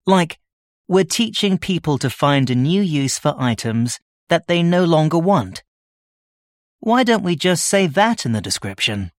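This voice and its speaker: A man's voice: on the high side, sing-song, measured pace, no room sound, studio quality. A man as a workshop tutor in a scripted listening-test dialogue, explaining his plans plainly. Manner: explains plans plainly, answers questions readily.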